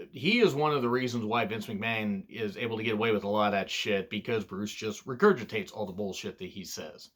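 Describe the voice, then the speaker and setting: A man's voice: on the low side, fairly bright tone. A young adult man reviewing old wrestling events in blunt, profane, ranting casual commentary. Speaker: wrestling fan YouTuber.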